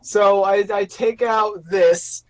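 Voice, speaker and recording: A man playing a tabletop game over a video call, stating his character's actions plainly and quickly. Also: sits high, steady tone. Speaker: player. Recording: faint background noise.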